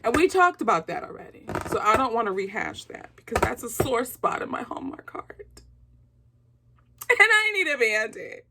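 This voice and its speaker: Excitable high-voiced woman vlogger. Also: moderate pace, a little hiss or hum. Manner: excitable, talks loudly when excited; chatty, uses casual slang. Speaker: movie review host. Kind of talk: excited casual review vlog.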